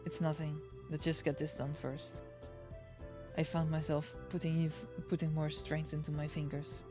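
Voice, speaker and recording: A young woman streamer reading a story game aloud, steady in the narration and breaking into excited outbursts. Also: sits low, moderate pace. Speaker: virtual streamer. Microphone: streaming mic. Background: soft game music.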